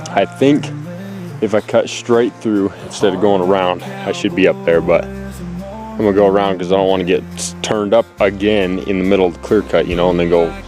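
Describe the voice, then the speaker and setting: With music in the background, a low-voiced man talks at normal speed with fairly even intonation. He's out hunting in a forest clear cut, breathless, and rambles anxiously through a casual camera vlog packed with fillers, recorded on a handheld camera held close.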